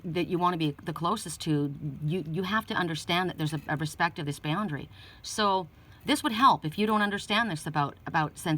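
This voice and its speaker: Lady doing a card reading, kinda low voice, rambly and earnest, mic a bit far off. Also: fairly bright tone. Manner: earnest, rambling, restarts often. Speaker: oracle card reader. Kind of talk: spoken card reading with personal stories.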